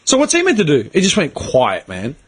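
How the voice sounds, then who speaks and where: A man's voice: a little high, wildly swooping pitch, brisk, husky. A man on a casual podcast, swearing bluntly and acting out both sides of an argument as he tells a story. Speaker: podcast co-host. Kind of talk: casual chat.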